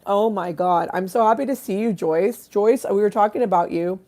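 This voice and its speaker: A woman's voice: mid-range voice, normal speed, dark tone. A woman chatting casually on a live stream, irreverent and self-mocking, swearing freely while she eats and drinks.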